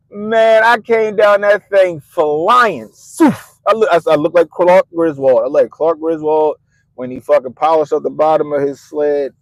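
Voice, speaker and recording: A middle-aged man on a podcast, telling a story in an animated, profane way and laughing at himself. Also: on the high side, a little slow, no echo, low-quality recording. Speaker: podcast host. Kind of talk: casual storytelling.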